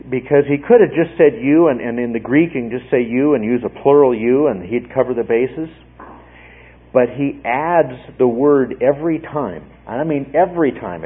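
Man teaching scripture over a tinny line. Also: mid-range voice. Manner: emphatic, repeats phrases, frequent "okay?" check-ins. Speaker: Bible teacher. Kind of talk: verse-by-verse Bible teaching. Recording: tinny phone-like radio broadcast, husky.

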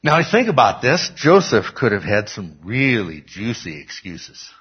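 A male preacher delivers a chatty sermon, his husky voice swinging up and down as he acts out quoted lines. He keeps checking in with listeners. The recording sounds dull and lo-fi. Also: lowish voice, sing-song, measured pace. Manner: conversational, frequent "okay?" check-ins, acts out quotes.

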